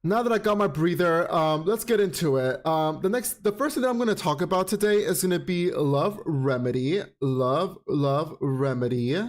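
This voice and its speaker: Sassy high-voiced man recapping comics. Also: moderate pace, hardly any pauses. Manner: expressive, sassy, swearing, dramatic repetitions. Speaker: podcast host. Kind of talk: casual commentary on comics.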